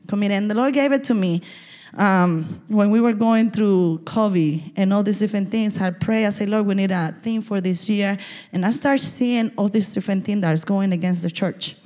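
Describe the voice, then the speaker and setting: A woman pastor giving a lively, conversational sermon, laughing often as she preaches. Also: mid-range voice. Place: church sanctuary. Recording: church hall reverb.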